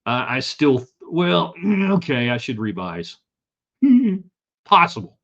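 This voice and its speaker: A man's voice: mid-range voice, very animated, takes it slowly, gravelly. A man hosting a live sports talk show, chatting casually and joking as he reads viewer comments. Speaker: sports talk show host reading chat. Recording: slightly dull lo-fi sound.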